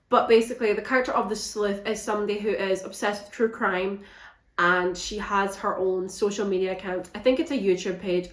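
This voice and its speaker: A woman giving a frank, animated book wrap-up in a casual vlog, swearing now and then. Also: on the low side, roomy sound. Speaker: book reviewer.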